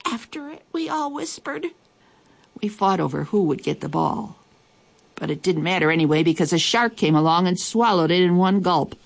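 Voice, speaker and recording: A woman reading a children's story aloud in a lively, expressive way. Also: on the low side, a little fast, creaky. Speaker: storybook reader.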